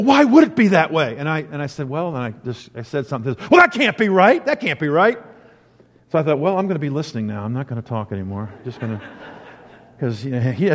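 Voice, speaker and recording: Animated male preacher in a reverberant hall. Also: a little high. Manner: animated storyteller, acts out quotes. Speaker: pastor. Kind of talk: sermon.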